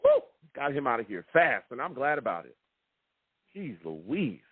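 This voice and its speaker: Excitable man hosting a tinny call-in show. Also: medium pitch, normal speed. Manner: excitable, emphatic, repeats himself. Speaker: sports talk show host. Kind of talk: live call-in sports podcast. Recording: tinny phone-like, dry sound.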